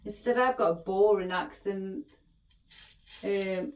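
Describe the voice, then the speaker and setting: A woman's voice: mid-range voice, slow pace, a little mellow. A middle-aged woman chatting as she hosts a craft tutorial, rambling and affectionate toward her viewers. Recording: echoey room.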